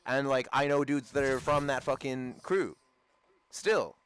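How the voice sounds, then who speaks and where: A man's voice: mid-range voice, measured pace, slight background noise. A young man chatting casually while gaming, rambling through a story with frequent swearing and laughter. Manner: rambling, profane, laughs often. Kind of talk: casual chat.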